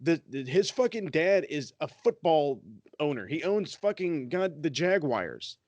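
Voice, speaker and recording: A man's voice: on the high side, very animated, unhurried, a little mellow, no room sound. A man co-hosting a wrestling podcast, ranting in a heated, profane, sarcastic way. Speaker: podcast co-host.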